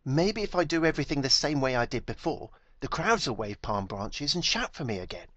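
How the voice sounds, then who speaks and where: A man's voice: mid-range voice, big pitch swings, brisk, a bit bright, dry recording, lo-fi sound, voice pushed up. A man voicing a small, eager young male donkey who is earnest and boastful, with wounded pride, in a storybook reading. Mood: hopeful.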